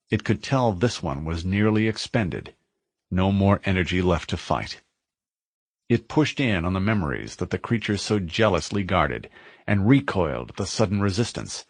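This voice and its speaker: A man narrating a military science-fiction audiobook in a vivid, expressive storytelling manner. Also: on the low side, no echo.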